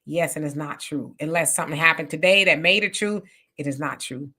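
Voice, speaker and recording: A woman hosting a casual live stream, reading viewer comments aloud and reacting with chatty, animated remarks. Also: low voice, brisk.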